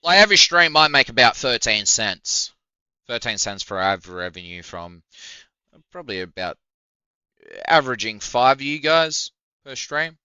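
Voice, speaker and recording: A man's voice: mid-range voice, very animated, moderate pace, pauses often, pushed and bright, clean tone, no echo, highs cut off. A man doing a heated, profane reaction rant on his stream. He sounds incredulous and mocks what he hears, with short laughs. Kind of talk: ranting reaction commentary.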